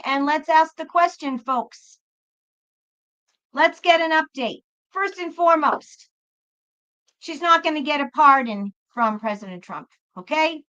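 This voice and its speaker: A woman talks casually to livestream viewers about her tarot readings, calling them folks and reassuring them. Her voice is high and bright. The lo-fi stream audio sounds a little dull. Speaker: tarot reader and livestream host.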